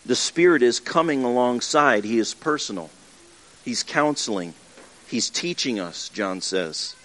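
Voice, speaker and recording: Man, pastor, sermon, earnest conversational tone, restarts and acted asides, mid pitch. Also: expressive, a little slow, bright, forceful tone. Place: church with livestream.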